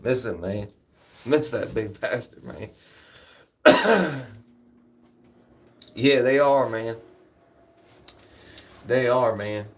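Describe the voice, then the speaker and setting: A man's voice: medium pitch, lively intonation, drawn-out words, long pauses. A man telling rambling, profane stories in casual chat, laughing often and drifting off on side tangents.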